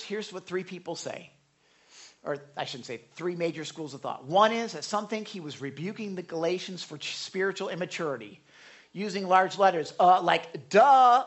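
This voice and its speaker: A man preaching a sermon in a relaxed, conversational way, breaking into animated asides as he acts out quotes. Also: high voice. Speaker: pastor.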